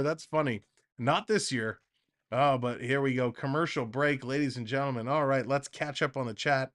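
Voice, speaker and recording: A man's voice: mid-range voice, normal speed. A man hosting a live hockey stream, calling the play-by-play and chatting with viewers in the comments. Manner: chatty, excitable, reads viewer comments between calls. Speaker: livestream play-by-play host. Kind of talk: live play-by-play and chat reading.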